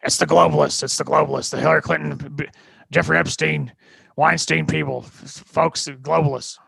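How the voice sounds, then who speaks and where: A man doing a quick impression of a ranting male conspiracy talk-show host, shouting a list of names in an urgent, paranoid rant. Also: a little high, fairly even intonation, gravelly, breathy edge, no room sound, heavily acted.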